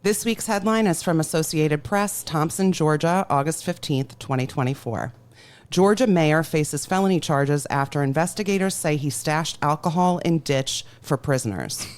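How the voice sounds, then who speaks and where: A woman's voice: low voice, normal speed. A woman co-hosting a podcast, reacting with short exclamations and reading out news headlines in casual chat. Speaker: podcast co-host.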